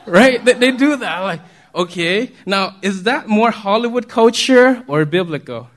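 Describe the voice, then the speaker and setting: A man with a voice pitched a little above most men preaches in a loose, conversational way. He keeps checking in with the congregation through quick questions and chuckles easily. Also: lively intonation, a bit bright. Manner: chatty, asks the congregation questions, chuckles often. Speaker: pastor. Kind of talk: casual conversational sermon.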